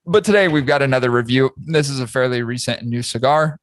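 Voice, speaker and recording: A man's voice: mid-range voice, brisk, no room sound. A man hosting a casual podcast chat, swearing freely and telling stories with lots of energy. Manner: profane, animated storytelling. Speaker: podcast host.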